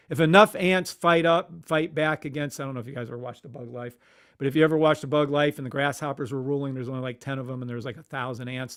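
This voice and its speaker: Slightly high gravelly guy ranting on his livestream, swears a lot, mutters at his screen. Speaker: livestream host. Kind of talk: casual live-stream chat.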